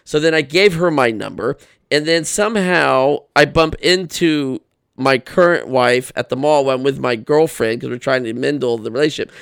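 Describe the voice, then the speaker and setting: A man talking as a guest on a casual podcast, telling animated stories and swearing freely. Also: medium pitch, moderate pace, vocal fry, clear, resonant tone, no room sound, clean studio sound.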